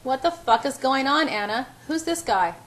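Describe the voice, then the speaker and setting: A woman's voice: high voice, lively intonation, normal speed, voice pushed up. A woman voicing a concerned young man in an amateur audiobook reading. He talks casually and swears when he is shocked. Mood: alarmed.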